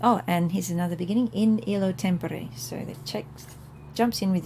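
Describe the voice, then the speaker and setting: Middle-aged woman, warm dark tone, talks her way through a Latin reading with a home teacher's easy chuckle. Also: mid-range voice, moderate pace, few pauses, a little hiss or hum. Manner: thinks aloud, chuckles at own slips. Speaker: channel host reading Latin scripture. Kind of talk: casual home lesson, reading Latin and translating.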